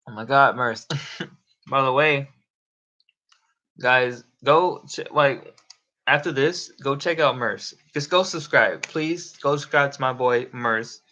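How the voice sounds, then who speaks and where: A man's voice: medium pitch, takes it slowly, bright, forceful tone, muffled recording. A young man chatting casually on a live stream, rambling and swearing, often laughing. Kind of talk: casual livestream chat.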